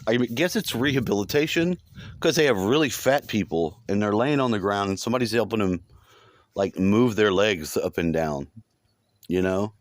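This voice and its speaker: Rambling low-voiced man, dry sound. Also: no echo. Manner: rambling, swears a lot, repeats phrases. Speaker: vlogger recounting a dream. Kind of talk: casual monologue.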